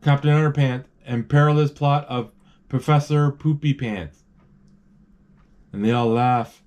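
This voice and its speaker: A man talking through a cartoon movie as it plays, casual and loose. He rambles, stops mid-word and starts over, and reads out lines from the screen. His pitch sits in an ordinary middle range. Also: fairly even intonation, unhurried, a little mellow. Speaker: movie describer. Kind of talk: casual live movie narration.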